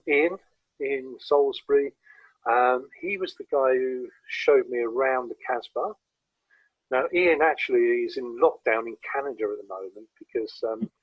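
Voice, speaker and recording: Relaxed southern English man, husky voice. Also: mid-range voice, dry recording, lo-fi sound. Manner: relaxed, anecdotal, with frequent hesitations. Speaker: guest speaker presenting photography. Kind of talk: informal illustrated talk. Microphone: video call.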